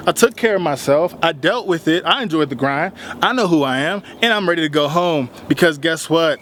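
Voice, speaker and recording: Young male vlogger, slightly high voice, animated and heated storyteller, faint background hiss. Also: fairly quick, few pauses. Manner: animated, retells arguments with rising heat. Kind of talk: casual storytelling vlog.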